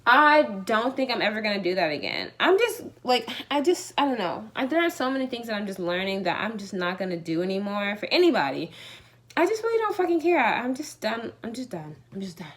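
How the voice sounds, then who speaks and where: Young woman vlogger, high voice, very lively pitch, blunt and profane. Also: fairly quick. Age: 20s. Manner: animated, acts out both sides of the exchange, swears freely. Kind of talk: casual storytime vlog. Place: home, in the evening. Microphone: phone or camera held close.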